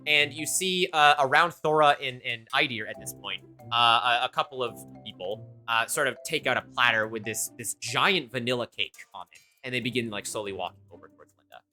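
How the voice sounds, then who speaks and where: A woman's voice: extremely low pitch, brisk, hardly any pauses, pushed and bright, faint music behind. A woman narrating a tabletop game as game master, casual and loose with lots of fillers. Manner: casual, many fillers, laughs often.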